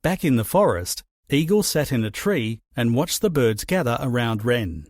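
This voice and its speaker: A man narrating a children's storybook with an expressive reading. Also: mid-range voice, normal speed, dry recording, studio quality.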